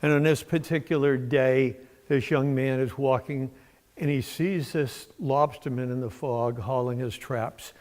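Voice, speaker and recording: An older man from Massachusetts giving a sermon in a church, telling stories in a folksy, unhurried way with fillers. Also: mid-range voice, steady tone, a little mellow. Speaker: preacher. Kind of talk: sermon with storytelling. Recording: long church reverb.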